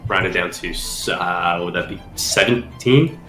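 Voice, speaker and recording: A man running a tabletop game over a call, getting over a cold, relaxed and working out the rules aloud. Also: deep voice, unhurried, echoey room, soft background music, poor audio. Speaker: game master.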